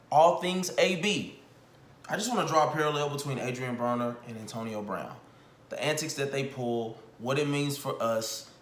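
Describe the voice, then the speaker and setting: A young adult man giving casual commentary in an animated, exasperated, mocking way. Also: medium pitch. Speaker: commentary vlogger. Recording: echoey room.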